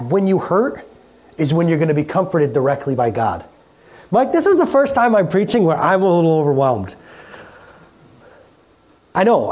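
A middle-aged pastor preaching in a relaxed, conversational way in a church, often repeating words and laughing at themself. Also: medium pitch. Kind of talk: conversational sermon. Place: church hall.

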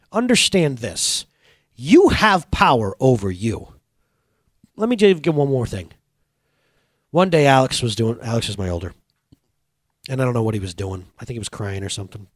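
A middle-aged man preaching a sermon, telling playful stories with loud bursts of excitement. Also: medium pitch, no room sound, studio quality. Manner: animated, playful storytelling with bursts of loud exclamations. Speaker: pastor.

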